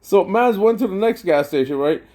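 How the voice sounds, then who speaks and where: A man telling a rambling, profane story in a casual vlog rant, full of slang and excited outbursts. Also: sits high, moderate pace. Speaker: vlogger.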